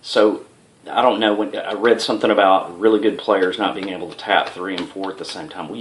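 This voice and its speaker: A man giving a casual music lesson, talking in a relaxed, rambling way with fillers and restarts, and chanting rhythm syllables. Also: sits low, fairly quick. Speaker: music teacher. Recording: echoey room with faint noise.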